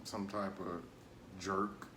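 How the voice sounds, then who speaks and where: A man's voice: sits low, level tone, slow pace, reverberant, background noise. A man guesting on a casual food vlog, talking in a playful, dramatic way. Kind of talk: casual chat during a mukbang.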